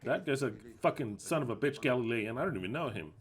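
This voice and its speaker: A man's voice: mid-range voice, lively intonation, quick pace. A man giving a live spoken interpretation of a sermon talk, agitated and emphatic, cursing and repeating himself. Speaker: interpreter voicing the preacher.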